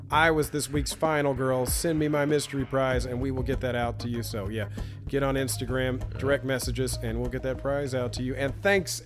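Jokey male podcast co-host. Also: medium pitch. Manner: jokey, mock-dramatic host patter. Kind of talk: casual chat and reading rhymes.

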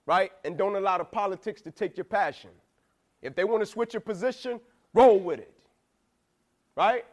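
Young male motivational speaker, higher-pitched voice, punchy and repetitive, slangy delivery, keeps checking in with "right?". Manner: emphatic, repetitive, asks "right?" a lot, slangy. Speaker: motivational speaker to college football players. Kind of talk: motivational speech.

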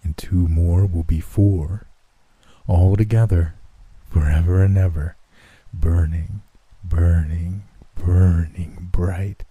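A gloating, sinister old lord near death, as a male narrator puts him on, speaking slowly in a deep, dark, lowered voice. The sound is dry and close. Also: fairly even intonation, breathy edge, no echo, exaggerated voice. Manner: slow, lowered, menacing delivery.

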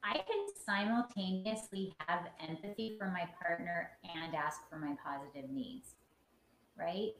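A woman therapist calmly explaining relationship boundaries in a conversation, often checking that she is understood. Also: on the low side, measured pace. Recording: echoey room with faint noise.

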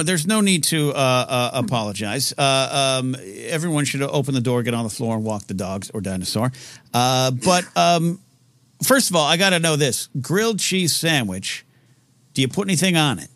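A man hosting a live call-in show in casual chat, rambling and halting with many restarts. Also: medium pitch, expressive, a bit bright, no echo.

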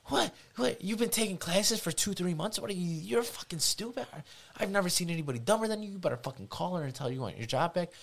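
A man voicing his furious grandfather, yelling profane insults high and loud. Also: animated, fast talker, vocal fry, few pauses, heavily acted. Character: enraged older male grandfather, shouting insults.

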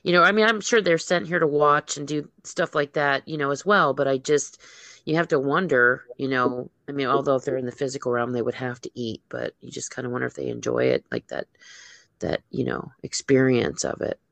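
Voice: mid-range voice, a little fast, creaky, fairly bright tone, dry recording. Chatty, musing host, dry close sound. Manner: chatty, musing, full of fillers. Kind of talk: casual conversation.

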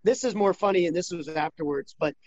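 A man in his thirties talking casually as an interview guest, rambling with many restarts and getting animated when he quotes others. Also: sits high, a little fast, dull audio.

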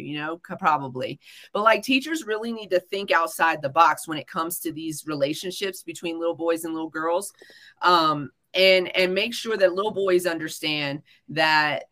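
A woman's voice: on the low side, normal speed, a bit bright. A young woman telling a story in a casual podcast chat, blunt and full of profanity. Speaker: podcast co-host.

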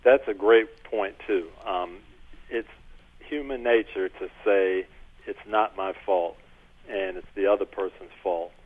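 A man, a coach and author, answering interview questions in a measured, earnest way. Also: low-pitched. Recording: tinny phone-line call.

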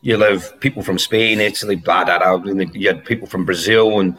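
A former footballer, a man, guest on a podcast, telling anecdotes in a lively way and laughing through his stories. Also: sits low, normal speed. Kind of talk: anecdotal storytelling.

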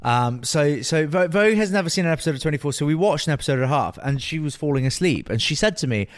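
Chatty guy co-hosting a podcast, voice jumps around a lot, kinda highish, teasing back and forth. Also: quick pace, dry recording. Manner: animated, teasing banter. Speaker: podcast co-host. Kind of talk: casual chat.

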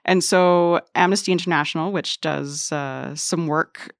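A woman's voice: deep voice, fairly even intonation, measured pace, vocal fry, dry recording, clean studio sound. A woman who is an education reporter, explaining a story on a podcast panel in a hesitant way with many fillers. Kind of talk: casual panel chat.

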